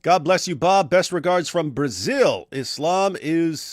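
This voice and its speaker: A man's voice: fairly high pitch, lively intonation, a little slow, dry recording, studio quality. A man hosting a casual livestream, reading out viewer comments in a jokey manner. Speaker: livestream host.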